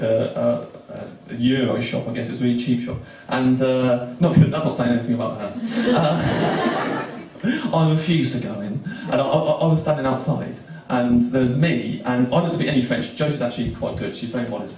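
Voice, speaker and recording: Rambling young stand-up, echoey room. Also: male voice, medium pitch, creaky. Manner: rambling, self-interrupting, awkward deadpan. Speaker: stand-up comedian. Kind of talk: stand-up storytelling. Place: comedy club stage with audience laughing. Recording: echoey live room recorded from far off with noise.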